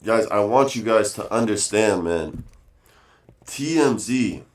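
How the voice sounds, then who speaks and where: A man's voice: on the low side, lively intonation, slow. A man streaming a casual rant, emphatic and repetitive, calling his viewers guys and bro, with fillers between points. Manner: emphatic, repeats phrases, says bro and guys often.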